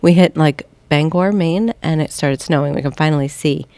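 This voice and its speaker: A woman's voice: low voice, normal speed, mellow, no room sound. A woman from Long Island co-hosting a podcast, chatting casually, giggling and telling stories. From Long Island, New York. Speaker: podcast co-host. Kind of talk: casual chat.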